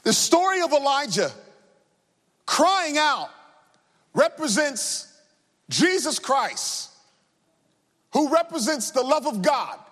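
A man preaching a sermon with impassioned delivery, sung cadences and shouted refrains. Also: extremely high pitch, very animated, takes it slowly, long pauses. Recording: long hall reverb.

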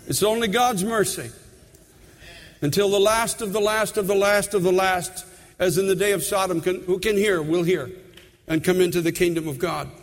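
A pastor preaching a sermon in a church sanctuary, building to impassioned appeals. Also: male voice, moderate pace, big-room sound. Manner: impassioned preaching, rising in pitch and force.

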